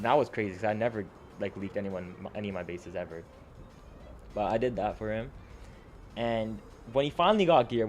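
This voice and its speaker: A young man with a mid-range voice tells a storytime recap in a loose, slangy way, swearing and piling up fillers. His energy swings between hushed asides and loud outbursts, and soft music plays underneath. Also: medium pitch. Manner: rambling, slangy and profane, many fillers; animated, jumps up and down in energy. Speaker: gaming storyteller.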